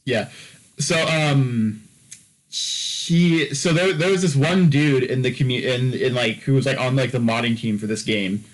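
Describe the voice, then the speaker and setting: A man talking in loose, casual chat on a podcast. He rambles, stacks up fillers and restarts his sentences over and over. His voice sits at an ordinary pitch. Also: a little slow, low-quality recording. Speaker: podcast co-host.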